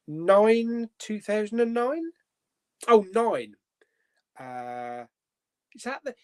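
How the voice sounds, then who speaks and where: A young man casually hosting a live movie chat stream, reading out viewer comments, joking and laughing often. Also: sits high. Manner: chatty, laughs often, jokey.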